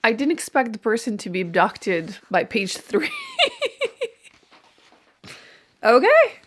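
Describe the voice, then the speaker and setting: Speaking at a moderate pace in an animated, mid-range voice, a woman chats into a microphone indoors at home for her reading vlog. She's a book vlogger who giggles and pokes fun at herself while reacting to what she reads.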